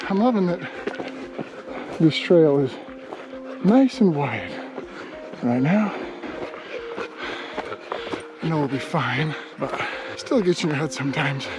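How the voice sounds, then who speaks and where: A man's voice: on the high side, rough recording. A man vlogging on a mountain trail, chatting casually to the camera and to his dogs as he hikes. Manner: chatty, talks to his dogs while hiking. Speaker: hiking vlogger. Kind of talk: casual vlog talk to camera. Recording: music playing under the voice.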